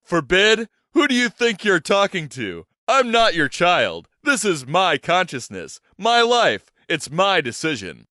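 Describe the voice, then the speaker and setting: A man voicing a cheerful, self-assured adventurous man who speaks calmly and with confidence. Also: sits high, a little slow, hardly any pauses, no echo, clean studio sound, voice pushed up, full character voice. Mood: calm, upbeat.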